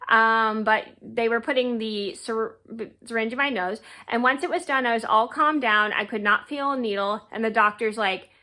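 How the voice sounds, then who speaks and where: Bright, rambling young woman vlogger. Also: a little high, moderate pace. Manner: rambling, many fillers and restarts. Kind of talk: casual storytelling.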